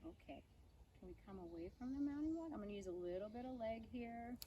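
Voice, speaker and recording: A woman horse trainer teaching riding outdoors, coaxing her horse with soft baby talk and explaining to viewers. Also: fairly high pitch, lively intonation, quick pace, muffled recording, a little hiss or hum. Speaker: holistic veterinarian and horse trainer. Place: outdoors at a rural horse farm. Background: birds and outdoor ambience.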